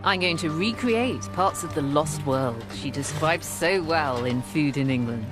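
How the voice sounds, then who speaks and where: A woman's voice: sits low, unhurried, loud music behind the voice. A woman historian and curator presenting and narrating a documentary with keen enthusiasm. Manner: enthusiastic, expressive.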